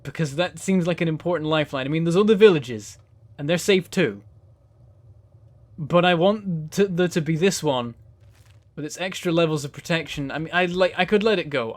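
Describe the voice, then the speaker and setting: A man's voice: fairly high pitch, dry recording. A man hosting a let's play, giving rambling, self-mocking gameplay commentary and chuckling often.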